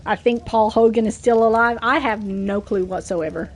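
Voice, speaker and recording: A woman with a Southern US accent, chatting casually while streaming a game, getting over a cough, self-deprecating and quick to laugh. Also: fairly high pitch. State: coughing from a cold.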